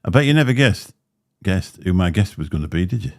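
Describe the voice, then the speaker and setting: Through a desk mic, a livestream host rambles in easygoing chat, breaking into laughter often with a slight lisp. His voice sits low and sounds animated, moving a little fast.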